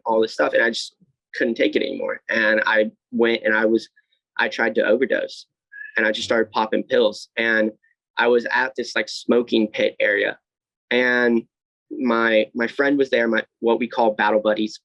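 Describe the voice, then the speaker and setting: A man's voice: medium pitch, level tone, moderate pace, fairly bright tone, no room sound, lo-fi sound. A young man in his twenties, a podcast guest, telling his own story with candor, blunt and swearing freely, with many fillers and restarts. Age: 20s. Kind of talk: candid personal storytelling.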